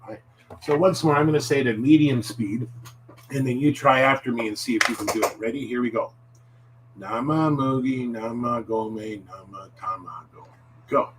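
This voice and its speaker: A man's voice: medium pitch, a little fast. A man giving a casual live-stream language lesson, chatty and full of fillers. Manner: rambling, filler-heavy, chatty. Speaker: Japanese language teacher. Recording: distant mic with faint hum.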